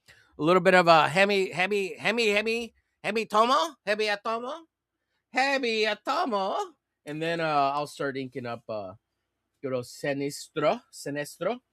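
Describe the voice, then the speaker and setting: A man's voice: sits high, no echo, studio quality. A man hosting a live comic-drawing stream, rambling casually and cracking crude jokes. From United States. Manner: rambling, crude joking, animated.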